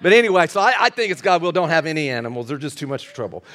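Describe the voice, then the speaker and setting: High-voiced joking older preacher. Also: male voice, sing-song, very fast, a bit bright. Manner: folksy and joking, with many restarts and asides. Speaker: pastor. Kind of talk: sermon.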